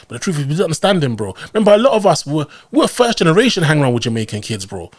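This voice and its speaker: A man in his late thirties from Ghana, hosting a casual podcast chat, animated and calling his guest "bro" in nearly every line. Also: on the high side, racing, few pauses. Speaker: podcast host.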